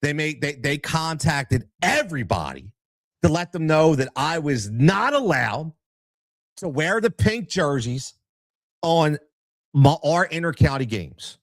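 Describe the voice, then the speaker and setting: A man's voice: fairly high pitch, sing-song, measured pace, no room sound. A man telling a story about a dispute as a youth soccer coach, getting heated, repeating himself, and acting out both sides of the talk. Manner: heated, repeats himself, acts out quoted dialogue. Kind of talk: casual storytelling, podcast interview.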